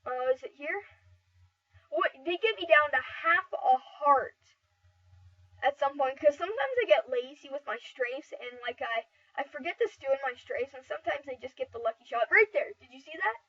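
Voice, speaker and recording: A woman giving casual, rambling game commentary over footage, excitable and full of fillers and restarts. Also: high voice, normal speed. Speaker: gameplay commentator. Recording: dull lo-fi mic, slightly distant.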